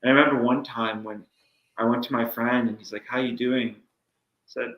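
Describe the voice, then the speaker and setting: A man's voice: medium pitch, steady tone, moderate pace, echoey room, highs cut off. A man chatting as a show guest, earnest and reflective, sometimes acting out little inner voices. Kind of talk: casual chat.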